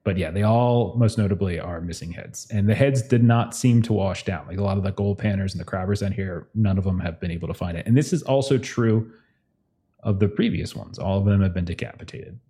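A male game master narrating a tabletop session in a relaxed, improvising way, often chuckling. His voice is low and mellow. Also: a little fast.

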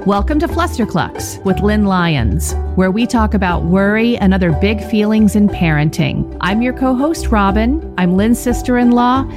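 A woman's voice: mid-range voice, lively intonation, normal speed, few pauses, over music. Chatty woman co-host. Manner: chatty, teasing questions. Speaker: podcast co-host. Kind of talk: casual podcast chat.

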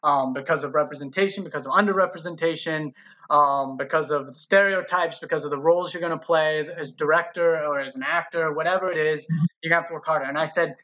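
Animated man telling stories, lo-fi sound. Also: on the high side, fairly quick. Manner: animated, quotes people in changed voices. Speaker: guest. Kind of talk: casual interview storytelling. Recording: dull lo-fi sound.

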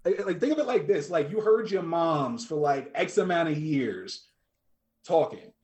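A man's voice: on the high side, expressive, normal speed, a little mellow. A young man chatting casually as a podcast guest, joking and loose, with plenty of fillers. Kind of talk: casual chat.

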